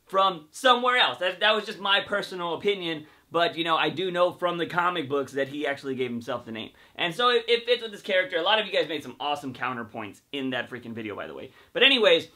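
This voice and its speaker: A young man giving a rambling, excitable fan recap of a TV episode, talking straight to his viewers. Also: fairly high pitch, fast talker, hardly any pauses. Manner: excitable, rambling, says "freaking" a lot. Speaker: TV show recap vlogger. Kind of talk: casual fan commentary to camera.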